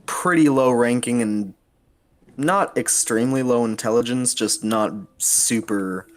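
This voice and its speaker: A man narrating as game master in a tabletop game, relaxed and giggly with lots of fillers. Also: mid-range voice, unhurried.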